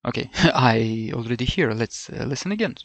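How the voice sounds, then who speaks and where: Middle-aged guy from ukraine coaching test prep, gravelly voice, dry close sound, keeps repeating himself. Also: medium pitch, expressive, fairly quick, no echo. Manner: rambling, repeats words, many fillers and self-corrections. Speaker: language test tutor. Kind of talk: thinking-aloud lesson over a screen.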